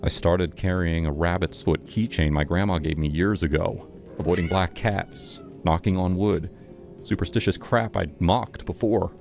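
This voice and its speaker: Very deep-voiced man narrating horror. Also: creaky, a little mellow. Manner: measured, dramatic storytelling. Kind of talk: first-person horror story narration. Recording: music playing behind.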